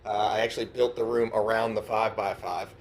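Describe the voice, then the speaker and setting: A man's voice: lowish voice, little pitch movement, a little fast, slight background noise. Swearing, laughing man vlogging casually. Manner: swears freely, laughs often, rambling. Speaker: grow channel host. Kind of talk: casual vlog narration. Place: indoor grow room with concrete walls.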